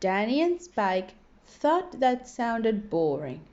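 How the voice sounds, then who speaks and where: A woman teaching primary school reads aloud from a children's storybook, her slow, higher-pitched voice animated with playful sound effects. The audio quality is dull and lo-fi.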